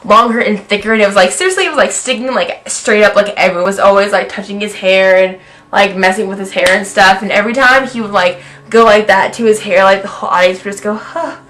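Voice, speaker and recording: A woman's voice: medium pitch, fast talker, fairly bright tone. A young woman vlogger gushing about a film festival, talking casually with constant "like" fillers. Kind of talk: excited fan recap vlog.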